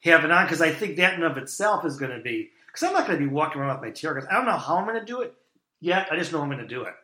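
A man's voice: on the high side, very animated, sharp tone, roomy sound. A man co-hosting a podcast, talking casually and earnestly with frequent restarts. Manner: earnest, halting, many restarts. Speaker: podcast co-host. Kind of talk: casual chat.

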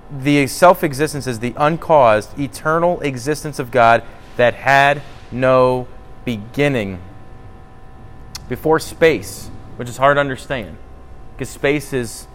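A man's voice: mid-range voice, a bit bright, a little hiss or hum. A man giving an informal Bible teaching, earnest and thinking aloud, often restarting his sentences.

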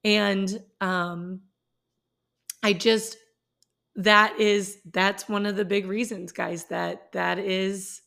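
A woman's voice: mid-range voice, level tone, extremely slow, creaky, fairly bright tone. A woman who teaches middle school, talking about her faith in a personal vlog, earnest and heartfelt, often restarting her sentences.

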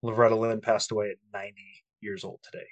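A man's voice: on the low side, flat delivery, fast talker, dry recording, dull audio. Profane man mocking on a call. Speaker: podcast co-host. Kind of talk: casual chat.

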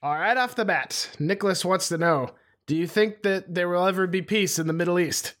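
Fields: Voice: easygoing, slightly high male co-host. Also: fairly quick, a bit bright. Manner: easygoing, giggly, stammers a little. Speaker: podcast co-host. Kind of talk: casual chat.

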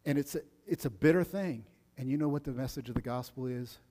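A man's voice: medium pitch, brisk, warm tone, long reverb tail. A male pastor preaching a sermon in a casual, slangy way, sometimes acting out the people he talks about.

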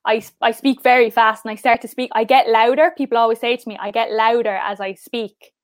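Fast-talking Irish woman from Cork. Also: fairly high pitch, steady tone, dry recording, clean studio sound. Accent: Irish, Cork mixed with Mayo. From Cork, Ireland. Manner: fast talker, says "like" often. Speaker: pageant finalist guest. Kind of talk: casual interview chat.

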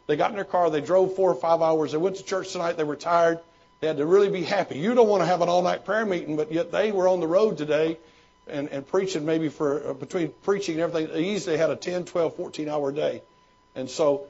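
A man's voice: on the high side, a little mellow. A man, a pastor and former missionary, answering questions in folksy storytelling with many restarts. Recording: dull lo-fi recording.

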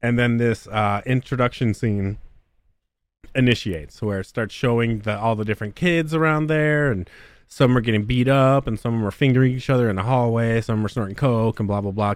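A man's voice: medium pitch, no echo. A man hosting a casual podcast, ranting about a game with constant profanity and mockery. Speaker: podcast host. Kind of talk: crude casual podcast chat.

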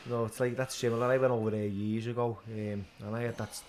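A man's voice: on the low side, flat delivery, fast talker, a little mellow. A man with a Liverpool accent hosting a casual podcast chat, rambling and restarting his sentences. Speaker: podcast host. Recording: crowd noise behind.

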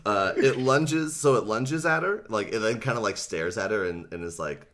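Low-voiced man retelling a story, laughing. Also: normal speed, crowd noise. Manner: animated retelling, acts out quotes, laughs often, many fillers. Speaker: podcast host recapping a book. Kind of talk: casual comedic book recap.

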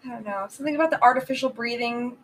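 High-voiced woman chatting casually, off-mic. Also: very fast, distant mic, rough recording. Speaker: podcast guest. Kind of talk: casual chat.

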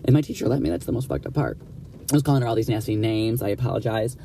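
A young adult man at a medium pitch tells a story casually. He is blunt, gossipy and full of swearing, and he slips into other people's lines as he talks. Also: very fast, gravelly, mellow, a little hiss or hum. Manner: blunt, profane, gossipy, acts out quoted dialogue.

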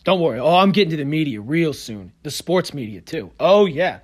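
A man in a heated solo podcast rant, sarcastic and combative. His voice sits a little higher than most men's, and he swings between loud bursts and low, muttered asides. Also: sing-song, a little fast, husky. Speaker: podcast host. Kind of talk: solo sports opinion rant.

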